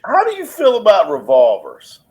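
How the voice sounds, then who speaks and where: A man in his fifties teases and jokes his way through a casual podcast chat. His voice sits a little high and swings up and down with lively pitch. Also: normal speed. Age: 50s. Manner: teasing, jumps up and down in pitch. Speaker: podcast co-host. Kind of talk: casual profane banter.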